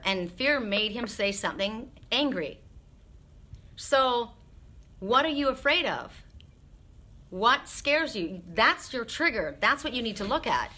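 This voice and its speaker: A woman's voice: on the high side, bright, forceful tone. A woman doing spiritual readings on a live stream, chatting frankly with viewers, laughing often and swearing freely.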